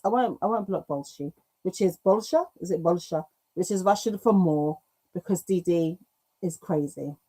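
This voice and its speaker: A British woman hosting a craft livestream, chatting casually and reading comments aloud, self-mocking and quick to laugh, with an occasional cough. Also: mid-range voice, a little mellow. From United Kingdom. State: coughing now and then.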